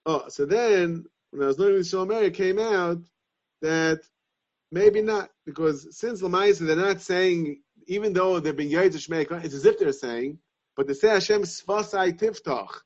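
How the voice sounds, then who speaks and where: A man giving a Talmudic lesson, reasoning aloud in halting, repeated phrases. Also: high voice. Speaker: Torah class teacher. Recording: dull lo-fi sound.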